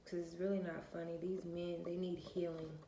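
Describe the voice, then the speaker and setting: A woman's voice: lowish voice, level tone, normal speed, warm tone, slight background noise. A woman, venting bluntly and profanely to her viewers in a casual rant. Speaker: vlogger. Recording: echoey room.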